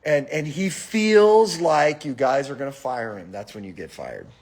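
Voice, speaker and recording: A podcast host with a mid-range voice talks at an unhurried pace in casual, profane conversation. He acts out stories and swears freely, rising to shouts as he gets worked up.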